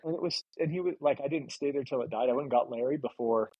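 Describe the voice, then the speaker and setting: A man, a podcast guest, calmly recalling a hunting memory in casual conversation. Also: mid-range voice, quick pace, no echo, dull audio.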